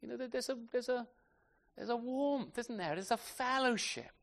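A man preaching a sermon to a congregation with children, asking tag questions and swinging from loud emphasis to soft, quiet phrases. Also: extremely high pitch, normal speed, creaky. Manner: animated, asks tag questions often.

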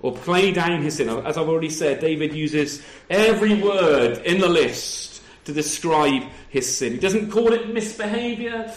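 A man preaching a sermon to his congregation, asking rhetorical tag questions and adding dry self-deprecating humor. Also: a little high. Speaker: pastor. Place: church service. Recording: roomy echo.

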